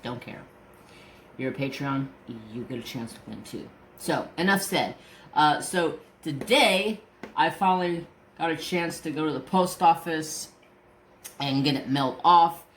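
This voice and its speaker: A craft channel host chatting casually, telling a profane story and acting out everyone's lines. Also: male voice, on the high side, measured pace, slight background noise. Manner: profane, animated storytelling that acts out voices. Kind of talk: casual chat.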